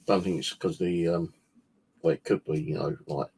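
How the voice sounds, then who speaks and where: A low, husky-voiced man talking loosely to his livestream audience. He rambles from one thing to the next and swears freely. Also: steady tone, moderate pace, dark tone. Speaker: paranormal channel host. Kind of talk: casual livestream chat.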